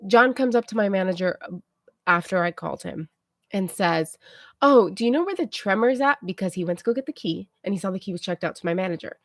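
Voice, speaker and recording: A woman livestreamer telling a story to her viewers in a casual, animated way, often checking in with them. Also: on the low side, fast, dry recording, clean studio sound. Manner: chatty, animated retelling, keeps checking in with "okay?".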